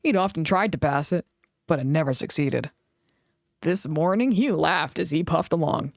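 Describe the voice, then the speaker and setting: A woman reads a children's storybook aloud with animated expression and a lively, swinging pitch. The recording is dry and close, with no room sound. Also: normal speed, creaky, no room sound. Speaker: storybook reader. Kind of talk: reading a children's book aloud.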